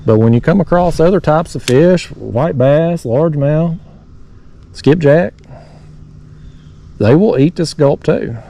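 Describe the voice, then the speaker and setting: This fishing vlogger has a fairly high, gravelly, dark voice and speaks slowly and animatedly, pausing often. He chats folksily with viewers while fishing from a kayak on a lake below a dam, with a little hiss or hum in the recording.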